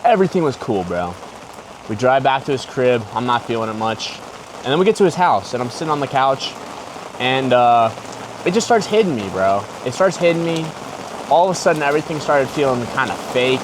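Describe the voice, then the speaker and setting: A man's voice: mid-range voice, sing-song, brisk. A young man telling a personal story in a slangy, rambling way, full of "like" and "bro". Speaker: podcast host. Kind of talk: casual storytelling. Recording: loud rain noise behind the voice. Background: heavy rain.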